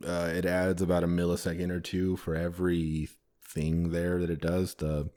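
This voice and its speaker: A man's voice: sits low, completely flat delivery, moderate pace, warm tone. A man co-hosting a podcast, talking casually and rambling about code, with some swearing. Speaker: podcast co-host, developer. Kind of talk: casual technical chat.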